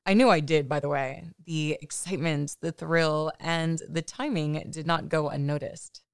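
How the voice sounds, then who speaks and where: A woman's voice: sits low, fairly even intonation, normal speed, smooth, dry recording, studio quality. A woman podcast host telling a personal story in a candid, chatty way, often adding "you know" asides.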